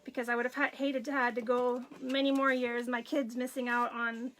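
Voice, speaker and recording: A woman's voice: on the high side, flat delivery, normal speed, fairly bright tone, faint music behind. A woman in her forties telling a personal story while tearful, acting out what others said. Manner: emotional, tearful storytelling with quoted dialogue. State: crying, runny nose. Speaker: craft vlogger. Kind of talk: personal story on a live video.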